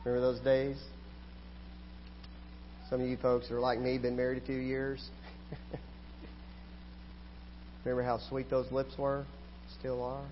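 A middle-aged man preaching a sermon, swinging between loud pleading and quiet asides. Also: a little high, a little hiss or hum. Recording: hall reverb, dull lo-fi sound.

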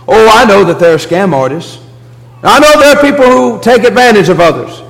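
A man preaching a sermon in a church, earnest, with a preacherly rise and fall that drops low for emphasis. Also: fairly bright tone, big-room sound, low-quality recording.

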